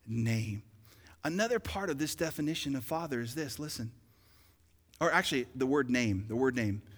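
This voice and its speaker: A male pastor preaching a sermon, shifting from conversational asides to loud, emphatic calls to the congregation. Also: on the high side, big-room sound. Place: church sanctuary.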